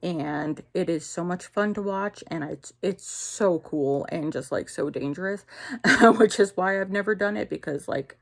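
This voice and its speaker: A young woman with a New Jersey accent talks in a rambling, chatty way on her own vlog, often cutting herself off mid-thought. Her voice sits on the low side for a woman and has a gravelly, fried texture. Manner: rambling, chatty, self-interrupting. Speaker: YouTuber. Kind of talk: casual chat reviewing shows.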